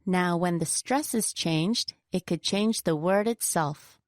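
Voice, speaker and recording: A woman co-presenting a scripted pronunciation lesson, slowing down to stress example words with care. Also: on the low side, dry recording, studio quality. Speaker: pronunciation teacher.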